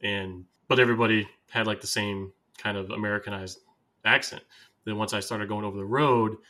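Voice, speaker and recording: An American man hosting a casual podcast, with a low but bright, forceful tone. He rolls from one anecdote to the next and laughs readily. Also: fairly even intonation, fairly quick. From United States. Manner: chatty, anecdotal, laughs easily. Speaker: podcast host.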